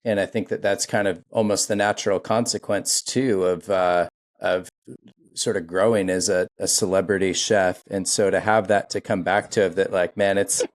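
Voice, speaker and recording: A man's voice: low voice, steady tone, moderate pace. A podcast host speaking thoughtfully and hesitantly to his guest, searching for words. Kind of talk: casual interview chat.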